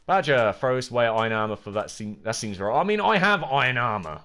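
A man's voice: medium pitch, expressive, a little fast, sharp tone. A man livestreaming a video game, rambling, humming to himself and reading chat aloud. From United Kingdom. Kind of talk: gaming livestream chatter.

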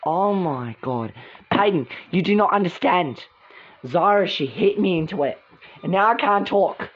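A bitter, cursing young woman, as a woman acts her out in a homemade voice drama, snapping curt lines in a low, gloomy voice. Her delivery still rises and falls a lot. The recording sounds dull and lo-fi. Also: expressive, a little slow. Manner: curt and swearing. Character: sullen, bitter, foul-mouthed young woman. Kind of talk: amateur voice drama.

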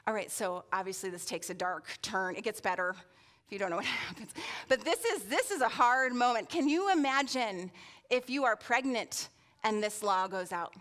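A woman with a medium-pitched, slightly bright voice preaches at a moderate pace as a guest speaker in a church sanctuary. Her sermon is playful and chatty, and she often puts questions to the room.

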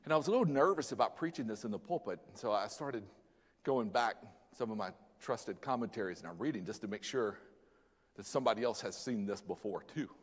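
A male pastor preaching a sermon, animated and dramatic, mixing Bible story with casual slang. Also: lowish voice, fairly quick, husky. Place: church sanctuary. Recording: long church hall reverb.

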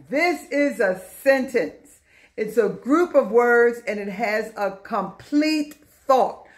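A middle-aged woman teaching young children a lesson in a patient, sing-song way. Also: a little high.

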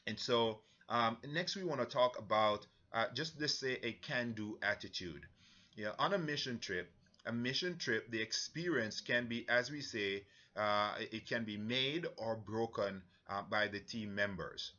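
A man with a Jamaican accent, leading a church mission-trip briefing in an earnest, halting way with many fillers. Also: on the low side, pushed and bright, lo-fi sound.

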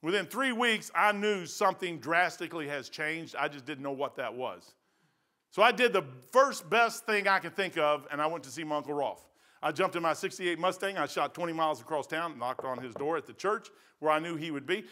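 This older Midwestern American pastor's sermon comes in a high voice with a bright, forceful tone, delivered fairly quickly. His style is folksy and emphatic, leaning on repeated phrases to hammer home each point.

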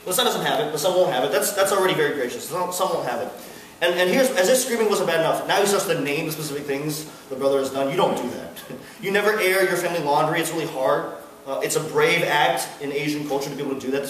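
A man's voice: on the high side, distant mic, a little hiss or hum. Earnest man preaching in an echoey hall. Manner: earnest, builds to emphatic peaks, acts out a screaming son. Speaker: campus fellowship speaker. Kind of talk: sermon. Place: large hall at a student gathering. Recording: echoey hall recorded from afar.

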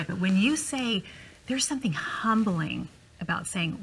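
Bright-voiced middle-aged woman, encouraging. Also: medium pitch, lively intonation, unhurried, husky, low-quality recording. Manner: warm encouraging, many affirming murmurs. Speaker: discussion panelist. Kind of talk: Christian talk-show discussion.

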